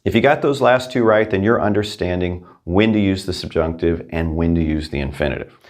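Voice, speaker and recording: Deep-voiced man teaching a language lesson. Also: fairly quick. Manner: upbeat, repeats each practice sentence twice. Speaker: Spanish teacher.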